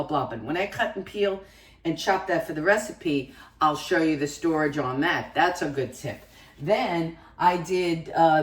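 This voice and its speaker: Lady rambling through a cooking vlog, kinda low voice, echoey kitchen, mic a ways off. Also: far from the mic. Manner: chatty, rambling asides while cooking. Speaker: cooking channel host. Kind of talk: casual cooking vlog chat. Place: home kitchen.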